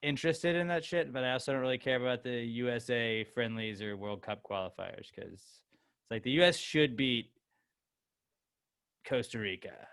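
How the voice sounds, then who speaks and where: A man from the United States co-hosting a sports podcast, rambling in an animated, self-mocking way and swearing. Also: mid-range voice, normal speed, smooth, no echo, studio quality. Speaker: podcast co-host. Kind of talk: casual chat.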